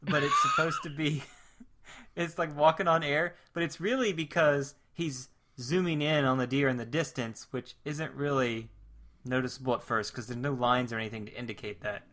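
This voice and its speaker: A man's voice: medium pitch, huge pitch swings, moderate pace, bright, forceful tone. A man hosting a casual podcast chat, joking and rambling with chuckling asides. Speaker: podcast host. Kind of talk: casual chat reviewing a coloring book.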